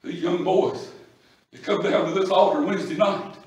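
A man preaching a sermon, swinging from low scripture reading to loud shouting. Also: moderate pace. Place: church. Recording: echoey church room from a distant mic.

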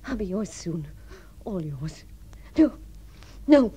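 A lonely deluded genteel spinster. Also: female voice, mid-range voice, slow pace, exaggerated voice. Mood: dreamy, coy. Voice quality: refined, swings between breathy tenderness and giddy excitement. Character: deluded lonely upper-class spinster dreaming of marriage. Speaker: the Princess. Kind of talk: radio drama acting.

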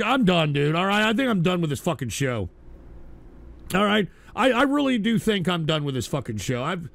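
A man hosts a live stream show in a high, gravelly voice that swings widely in pitch. He rants and swears in exasperation at his chat, flustered as he loses his place. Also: a bit bright. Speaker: livestream radio show host. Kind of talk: profane live stream rant.

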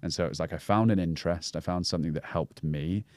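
A man's voice: low-pitched, fast talker, darkish tone, dry recording. A man speaking as a guest on a podcast, talking about breathwork in a reflective way and searching for his words as he goes.

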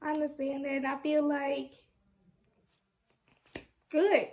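Young woman, high voice, casual vlog, frustrated, rambling venting. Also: measured pace, darkish tone. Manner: frustrated, candid, rambling with restarts. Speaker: vlogger.

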